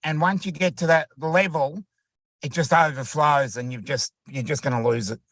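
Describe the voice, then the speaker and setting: A man co-hosting a livestream in casual chat, halting and repeating words as he goes. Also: fairly high pitch, fairly bright tone.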